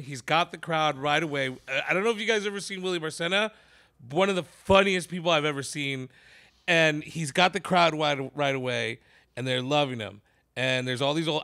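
A man hosting a podcast, telling a long comedy anecdote in a casual, profane way and acting out the people in it. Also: fairly high pitch. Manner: animated, profane, acts out voices in his stories. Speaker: podcast host. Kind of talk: casual storytelling.

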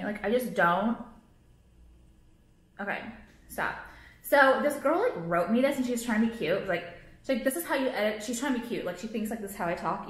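A woman's voice: on the high side, a bit bright. A young woman vlogging to camera, who owns a jewelry line and rants casually, with lots of fillers, bluntness and swearing. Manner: rambling, heavy on "like", blunt and profane. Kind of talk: casual ranting vlog to camera. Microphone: camera, not phone. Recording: echoey room.

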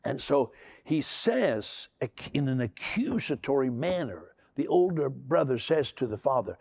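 Gravelly-voiced man preaching emphatically. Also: medium pitch, big pitch swings, a little slow, a little mellow, no room sound. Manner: repetitive stammering restarts, rising to emphatic outbursts. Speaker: pastor. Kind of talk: sermon.

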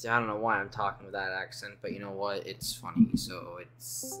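A man's voice: deep voice, flat delivery, unhurried, bright, forceful tone. A man streaming a video game, chatting casually and teasing a friend in a goofy, profane way. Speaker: gaming streamer. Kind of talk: casual gameplay commentary.

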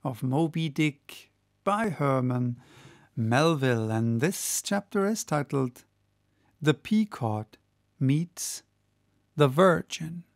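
An audiobook narrator reading a classic novel in a measured, unhurried manner. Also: mid-range voice, lively intonation, no room sound, clean studio sound.

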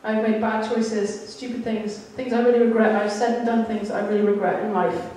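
A woman preaching a sermon shares a candid, self-deprecating story from her childhood. Her medium-pitched voice is level, mellow, and moderately paced, picked up by a distant mic in an echoey hall.

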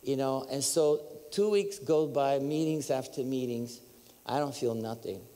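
A man with a Bulgarian accent telling his testimony as a preacher, animated and storytelling, breaking into high exclamations and laughter. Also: a little slow, long reverb tail. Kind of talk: testimony sermon. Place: large church hall.

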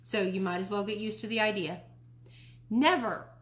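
A woman reading a children's book aloud, voicing an angry ten-year-old boy who shouts in a high, outraged voice. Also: normal speed, close to an everyday voice. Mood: defiant.

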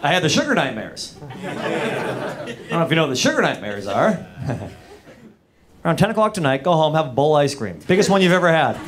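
A man performing stand-up in a bar's back room, his voice sitting a little high and swinging up and down with plenty of life. He rambles through small-town stories and keeps turning to the crowd. Laughter from a live audience rolls in around him. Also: very animated, brisk, long pauses. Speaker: stand-up comedian. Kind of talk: stand-up comedy.

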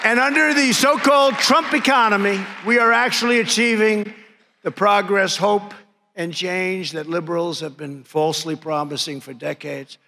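A man's voice: on the high side, bright, forceful tone. A man in his seventies giving a political rally speech, boastful and mocking, repeating his punchlines and tossing out nicknames from a podium microphone. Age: 70s. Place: large conference hall before a crowd. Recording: hall reverb with crowd and room noise.

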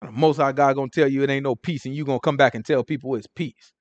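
A man teaching scripture in an informal, emphatic sermon style, swinging from loud declarations to hushed asides. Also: medium pitch, fairly even intonation, fast talker, no room sound, lo-fi sound. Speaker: Bible teacher.

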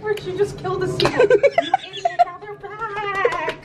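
A young woman reacting loudly while vlogging, swearing and laughing a lot. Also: very high-pitched, moderate pace, heavy background noise. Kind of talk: casual vlog chat.

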